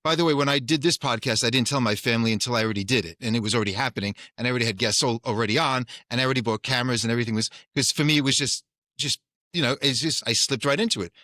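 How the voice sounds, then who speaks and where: A man's voice: mid-range voice, rapid-fire, bright, forceful tone, dry recording, clean studio sound. A man hosting a podcast, asking questions in a casual, loosely phrased, chatty way. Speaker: podcast host. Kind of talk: conversational interviewing.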